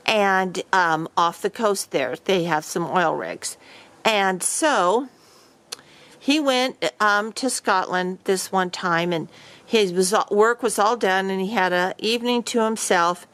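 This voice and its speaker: A woman's voice: medium pitch, slow pace, a bit bright. A woman vlogger casually telling a story to camera, rambling with many fillers and restarts.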